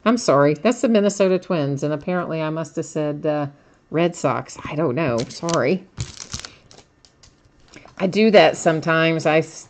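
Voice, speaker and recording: Chatty low-voiced woman hosting a card break. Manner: chatty, laughs often, reads out cards and chat. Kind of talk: live stream card break commentary.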